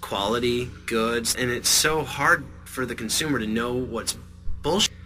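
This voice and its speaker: A male podcast host with a very bright, sharp, forward voice talks with his guests, enthusiastic and casually profane. Faint music runs underneath. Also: mid-range voice, unhurried. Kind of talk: interview chat.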